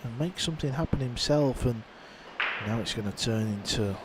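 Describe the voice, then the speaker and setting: Male pool commentator, mid-pitched and conversational. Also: moderate pace, background noise. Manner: conversational, reflective on players' mindset. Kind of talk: live sports commentary.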